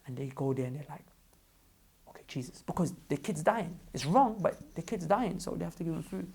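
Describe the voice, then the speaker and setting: Male vlogger-preacher, rapid and husky, impassioned and pleading. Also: fairly high pitch, lively intonation, a little mellow. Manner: fervent, pleading, often repeats himself. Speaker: online preacher and fundraiser. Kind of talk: impassioned vlog address.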